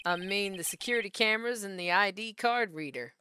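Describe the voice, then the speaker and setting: A woman voicing a drawling cowboy-style male police officer with a slow, theatrical Southern drawl. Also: medium pitch, bright, forceful tone, a little hiss or hum, natural voice.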